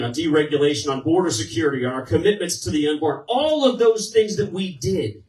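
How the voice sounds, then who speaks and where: A man's voice: fairly high pitch, far from the mic. A man, a state representative, giving a fired-up political rally speech and throwing questions at the crowd. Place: event hall. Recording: echoey hall, mic heard from afar.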